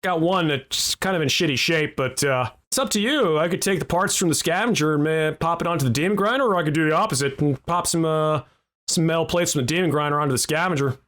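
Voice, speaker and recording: A man voicing a male mechanic who pitches his wares like a tour guide and a used car salesman, with a hustling, nervous patter. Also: fast talker, a bit bright, close to an everyday voice. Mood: salesy.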